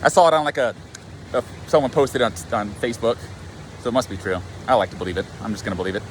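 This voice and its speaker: A man's voice: mid-range voice, lively intonation, fast talker, a little hiss or hum. A man and life coach talking in a rambling, profane, self-mocking way in a casual monologue.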